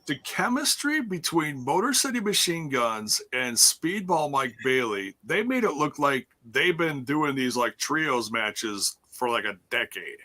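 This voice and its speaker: A man's voice: medium pitch, very animated, unhurried, hardly any pauses, sharp tone. A man co-hosting a casual wrestling review podcast, joking around and laughing often. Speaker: podcast co-host.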